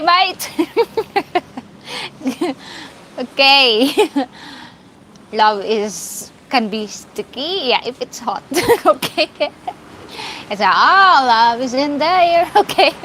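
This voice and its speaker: A woman's voice: a little high, fairly bright tone, slight background noise, rough recording. A woman with a Filipino accent hosting a casual live stream, greeting viewers by name and laughing often. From Philippines.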